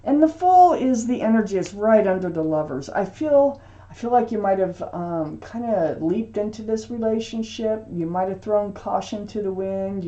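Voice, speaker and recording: A woman giving a casual tarot reading, speaking straight to the viewer in a gentle, reassuring way, often pausing with ums and restarting her sentences. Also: medium pitch, lo-fi sound. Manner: halting, with frequent ums and restarts. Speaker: tarot reader.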